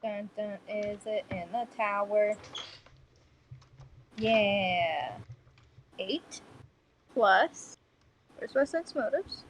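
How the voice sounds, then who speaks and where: A woman's voice: medium pitch, extremely slow, pauses often, slight background noise, rough recording. A woman playing in a tabletop game, chatting casually and swearing freely. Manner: casual, profane banter. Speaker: player.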